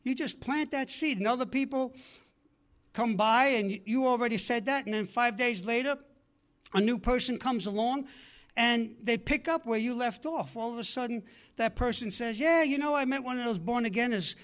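A man's voice: very high voice, normal speed, fairly bright tone, lo-fi sound. A man preaching a sermon to his congregation, earnestly urging them again and again and acting out the people he quotes. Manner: earnest, repetitive exhortation with acted-out quotes.

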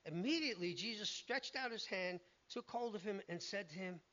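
A man's voice: sits high, lively intonation, normal speed, sharp tone, lo-fi sound. A man preaching a sermon in an emphatic way, acting out the lines he quotes.

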